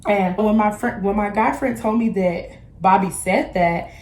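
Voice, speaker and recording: A young woman vlogger tells a casual storytime in a candid, slangy way, slipping into the voices of the people she quotes. Her pitch sits right in the middle for a woman. She is recorded indoors, and the room gives her voice a clear echo. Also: a little slow, darkish tone. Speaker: beauty vlogger.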